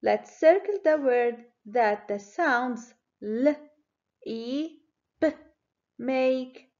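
A woman teacher giving a children's phonics lesson, speaking clearly and encouragingly. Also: high-pitched, darkish tone, dull audio. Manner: slow, clear, encouraging classroom delivery.

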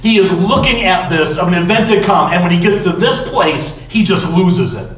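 A male pastor preaching a sermon slowly and emphatically, with dramatic pauses. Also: sits high, animated, a bit bright. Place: church sanctuary. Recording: roomy church echo from far off.

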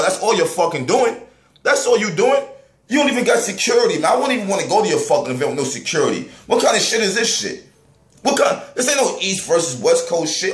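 A man rants with raw anger, his voice pitched high and swinging widely as he scolds. The sound is echoey, as if recorded in a bare room. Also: fairly bright tone. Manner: angry, profane, heated ranting. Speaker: battle rap commentator. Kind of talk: ranting vlog.

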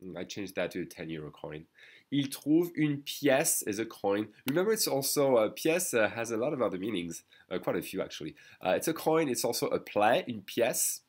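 A man teaching a lesson in English, explaining patiently and repeating phrases slowly while checking in with "okay?" and "d'accord?". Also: medium pitch, big pitch swings. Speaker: French teacher. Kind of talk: online language lesson.

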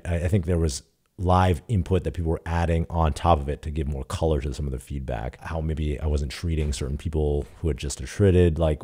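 A man in his thirties, a startup founder, casually retelling a story in an interview, acting out the dialogue with lots of "like". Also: very deep voice. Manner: casual, animated retelling with quoted dialogue and frequent "like".

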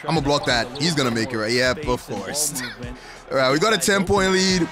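A young man giving excited commentary on his own basketball video game play, hyped and laughing at the plays, with game music behind him. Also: mid-range voice, moderate pace. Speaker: gaming YouTuber.

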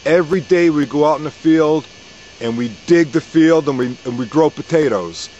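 A man voicing a simple, earnest farmer in a told story, speaking slowly and plaintively. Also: a little high, darkish tone, lo-fi sound, a little hiss or hum, lightly acted.

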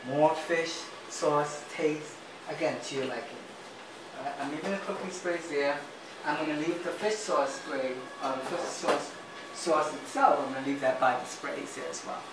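A woman hosting a cooking show, chatty and flamboyant, talking viewers through a recipe in her kitchen. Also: deep voice. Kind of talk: cooking demonstration. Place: home kitchen. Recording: roomy kitchen, distant mic, noisy.

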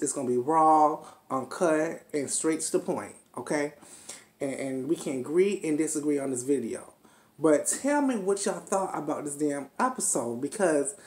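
A man vlogging a TV episode review in a sassy, profane, chatty unscripted rant, calling his viewers honey and child. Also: fairly high pitch. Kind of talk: casual unscripted rant to camera. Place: indoor room at home. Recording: echoey room.

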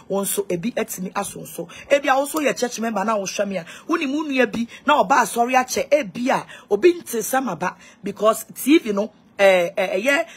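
This is a Ghanaian-accented woman evangelist with a husky, breathy voice. She pleads and presses her point in a mix of English and local speech, preaching straight to her followers. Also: mid-range voice. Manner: mixes English and Twi, pleading and emphatic. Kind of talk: preaching appeal to viewers.

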